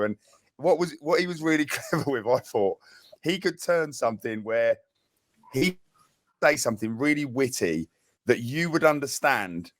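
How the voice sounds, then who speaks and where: Dry close-miked storytelling ex-footballer. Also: male voice, mid-range voice, no room sound. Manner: animated storytelling with laughs and restarts. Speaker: podcast co-host, ex-footballer. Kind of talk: casual chat.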